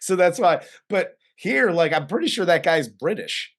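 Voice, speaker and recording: Guy recapping a movie on a review show, kinda high voice, laughs a lot, casual. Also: big pitch swings, normal speed, a bit bright. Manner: laughing, loose retelling of plot. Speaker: co-host film reviewer.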